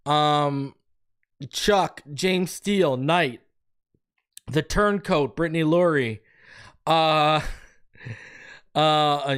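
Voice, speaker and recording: A man hosting a sports show, chatting casually on a live stream, loose and jokey, rambling through shout-outs and a sponsor read. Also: fairly high pitch.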